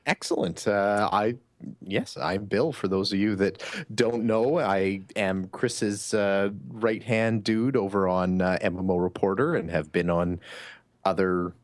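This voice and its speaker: A gaming podcast co-host speaks in a very deep male voice and teases his partner with deadpan humor. He talks in an easy, conversational way. The sound is close and dry. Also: measured pace, no room sound. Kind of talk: casual podcast chat.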